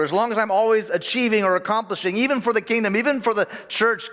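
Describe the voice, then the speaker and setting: A pastor preaches with a lively, swinging delivery in a slightly high voice, sinking low and quiet to land his key phrases. His words ring out with a long reverb from a large church hall. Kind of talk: sermon.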